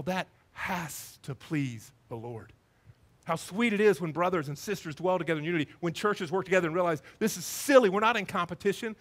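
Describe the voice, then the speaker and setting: A man's voice: on the high side, breathy edge. A man, a pastor preaching a sermon in a church and acting out the people in his stories. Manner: animated storytelling, acting out voices. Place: church sanctuary.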